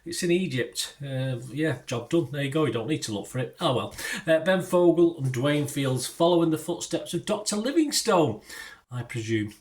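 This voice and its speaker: A man's voice: on the high side, animated, normal speed, a little mellow. A middle-aged British man rambling casually through the week's TV listings, with digressions and chatty asides. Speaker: TV listings reviewer. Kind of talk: casual TV guide chat.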